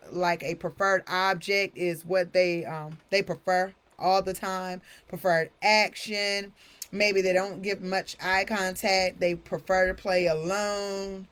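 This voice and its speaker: A woman's voice: mid-range voice, a bit bright. Chatty woman hosting a live stream. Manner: chatty, calls viewers honey. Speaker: host.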